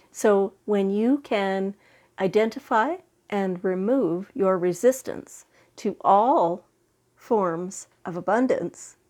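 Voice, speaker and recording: Slow, gentle woman giving a spiritual reading. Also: mid-range voice. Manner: slow, gentle, reassuring with fillers and restarts. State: recovering from a head cold. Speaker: tarot and oracle card reader.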